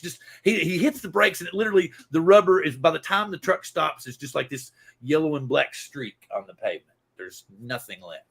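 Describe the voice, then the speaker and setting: A man's voice: fairly high pitch, big pitch swings, brisk, creaky, a bit bright, slightly rough. A man hosting a podcast who tells a long joke in a rambling, casual way, restarting his sentences often. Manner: rambling, embellished storytelling with restarts. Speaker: podcast host.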